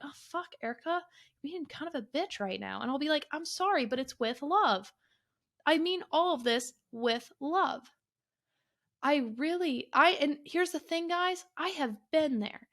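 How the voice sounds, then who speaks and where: A young woman holds forth alone on her podcast, her voice pitched high. She talks bluntly and emphatically, swears freely and hammers each point home by saying it again. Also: a bit bright. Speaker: podcast host. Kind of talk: solo podcast rant.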